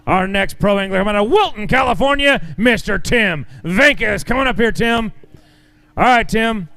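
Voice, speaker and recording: A man's voice: high-pitched, normal speed, gravelly, bright, forceful tone. A man emceeing a fishing tournament weigh-in, announcing weights in an upbeat way and joking with the anglers.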